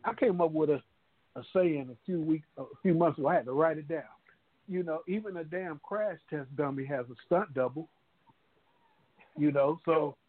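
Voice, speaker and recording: A man's voice: fairly high pitch, husky. A man on talk radio who rambles, repeats his words and tells folksy sayings. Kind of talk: casual talk radio chat. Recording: phone-like call-in line.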